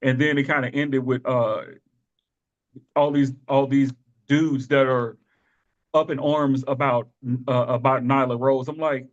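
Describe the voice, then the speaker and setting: A man's voice: medium pitch, measured pace. A man co-hosting a casual wrestling podcast, telling stories with lots of laughter and acting out the people he quotes. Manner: animated storytelling, quotes people in exaggerated voices, laughs often. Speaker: podcast co-host. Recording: dull lo-fi sound.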